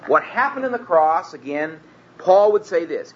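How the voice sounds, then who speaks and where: A man teaching scripture in a sermon, earnest and emphatic, slowing down and rising in pitch when he reads the text aloud. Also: expressive. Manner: earnest, emphatic, slows and rises on quoted scripture. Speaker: Bible teacher. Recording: dull lo-fi recording with faint hiss.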